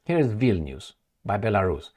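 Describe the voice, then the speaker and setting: This Eastern European political commentator, a native Romanian speaker using English as a second language, delivers a heated, sarcastic opinionated monologue while pointing at a map. His voice is lowish and darkish, with big pitch swings at a moderate pace.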